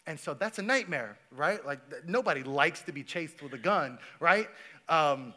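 A man's voice: a little high, lively intonation, moderate pace, sharp tone. A man preaching a sermon, telling stories in a casual way and talking to the congregation. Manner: casual, storytelling, talks to the congregation. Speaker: pastor.

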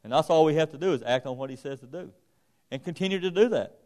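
A man's voice: a little high, fast talker, a little mellow. A man giving an informal sermon, telling a rambling personal story in a folksy way with many restarts. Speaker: preacher.

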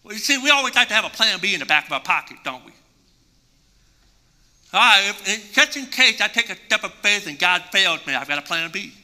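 Animated preacher man in an echoing hall. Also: sits high, brisk. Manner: animated storytelling, voice swings from hushed to shouting. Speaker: pastor. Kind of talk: sermon. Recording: long reverb in a large hall.

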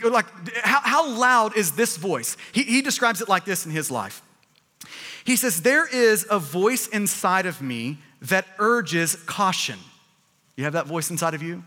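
A man preaching a sermon, animated, often repeating words as he presses a point. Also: very high-pitched, long reverb tail. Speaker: pastor.

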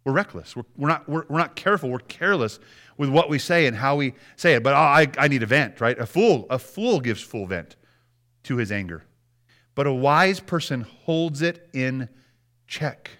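A man's voice: mid-range voice, lively intonation, normal speed, fairly bright tone. A man preaching a sermon as pastor, talking conversationally and asking the congregation frequent rhetorical questions.

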